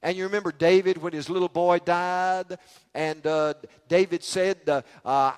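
A man's voice: high-pitched, fairly even intonation, moderate pace, clear, resonant tone. An older man preaching a sermon in a folksy, rambling way, with many restarts and jokes. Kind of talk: sermon with humorous stories. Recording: long hall reverb.

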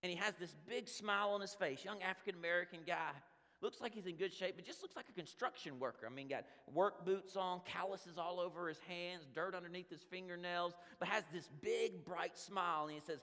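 A middle-aged man preaching a conversational sermon as a pastor, telling stories with animated energy and many asides. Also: high voice, fairly quick. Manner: animated storytelling with frequent "man" and restarts. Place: church sanctuary. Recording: long hall reverb in a church.

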